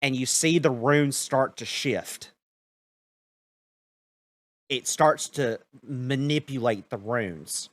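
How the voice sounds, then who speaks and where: Unhurried man running a tabletop game. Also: medium pitch, no echo. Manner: unhurried, full of fillers. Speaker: game master.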